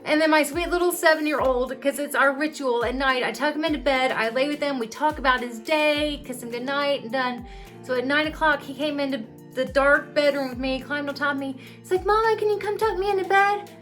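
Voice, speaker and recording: Brisk and steady, a woman's high, fairly bright voice carries over soft background music. In her thirties, she vlogs frankly about her epilepsy, talking to camera in an open, confessional, conversational manner full of fillers.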